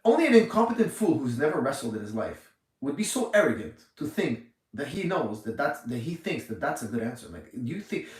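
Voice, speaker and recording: A man's voice: mid-range voice, very animated, fairly quick, a little mellow, far from the mic. A man in his forties giving an indignant, emphatic livestream rant from a gym, repeating his points. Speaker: gym owner. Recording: echoey room, off mic.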